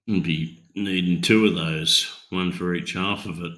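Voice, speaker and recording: Deep-voiced, swearing Australian man, roomy sound. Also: fairly even intonation, a little slow, fairly bright tone. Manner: swears constantly, rambling and emphatic. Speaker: host. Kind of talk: casual chat. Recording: echoey room.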